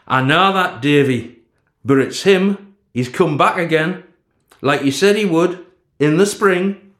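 A man voicing an earnest, eager young boy in a storybook reading, insistent and excited. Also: on the high side, takes it slowly, pitched above the performer's own voice. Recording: echoey room.

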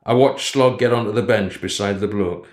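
A man narrating a story in the first person in a steady, low-key way. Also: moderate pace, echoey room. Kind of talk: storybook reading.

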